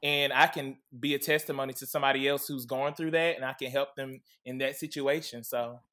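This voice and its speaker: A young man being interviewed as a guest and content creator, telling his story with lively quoted asides. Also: medium pitch, brisk. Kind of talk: interview answers.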